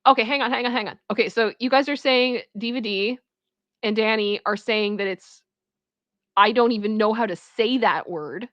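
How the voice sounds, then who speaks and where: A woman's voice: a little high, normal speed, fairly bright tone, dry recording, dull audio. A woman with a Toronto Canadian accent, chatting casually with her livestream chat, rambling with restarts and little asides. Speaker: livestream host.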